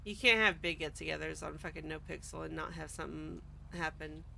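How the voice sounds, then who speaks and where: A woman's voice: low voice, steady tone, brisk, vocal fry, sharp tone, a little hiss or hum. A woman streamer chatting casually while she plays, exasperated and ranting, swearing often. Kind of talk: casual roleplay stream chat.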